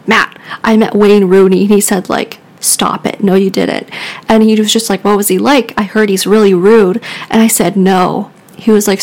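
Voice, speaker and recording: A woman telling a story on her podcast in a loose, rambling way. Her speech is full of "like" fillers, and she laughs a lot as she goes. Her voice sits in a mid pitch. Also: darkish tone, low-quality recording. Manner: rambling, filler-heavy with frequent "like"; giggly, laughs often. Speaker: podcast host. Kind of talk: casual storytelling.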